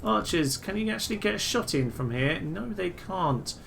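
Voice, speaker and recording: A young man talks through a battle in a strategy game, casual and wry, often bursting into loud excited cries. His voice sits somewhat high and sounds bright and forceful. A faint hiss runs under his voice. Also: normal speed, creaky. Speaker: gaming video host. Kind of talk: casual gameplay commentary.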